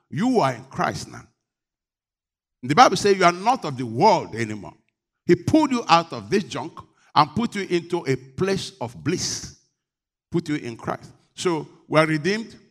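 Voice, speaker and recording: Male pastor, slightly high voice, call-and-response sermon delivery, emphatic. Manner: call-and-response preaching, building to emphatic shouts.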